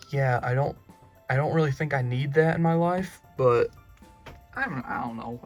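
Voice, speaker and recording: A man's voice: medium pitch, vocal fry. A young man with a Southern accent giving a casual, rambling room tour in his bedroom, full of fillers and restarts.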